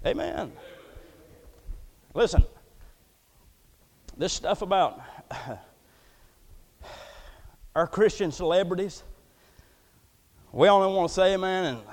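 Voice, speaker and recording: Male pastor, folksy preacher, very high voice, long hall reverb. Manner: folksy, joking, swings from soft asides to loud preaching. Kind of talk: sermon.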